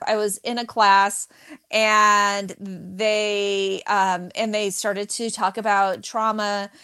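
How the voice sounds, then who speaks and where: A woman comedian who stutters, giving candid, animated answers in an interview and laughing often. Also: mid-range voice, takes it slowly, clean tone. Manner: stutters, with repeated sounds.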